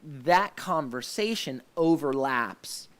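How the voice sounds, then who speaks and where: A man hosting a live, informal faith discussion speaks slowly and expressively in a high-ish voice with a fairly bright tone. He relies on fillers and restarts and sounds keen about the scenes he remembers.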